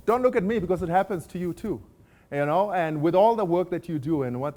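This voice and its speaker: A man from South Africa giving an inspirational keynote talk on stage, telling stories with humor and asking the audience questions. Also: on the high side. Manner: storytelling, warm humor, asks the audience questions. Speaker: motivational speaker.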